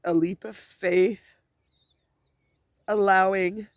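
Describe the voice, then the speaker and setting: A woman's voice: mid-range voice, fairly even intonation, drawn-out words, dry recording. A tearful woman giving an emotional personal monologue for her vlog, outdoors at a scenic spot, rambling and restarting her words. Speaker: spiritual vlogger.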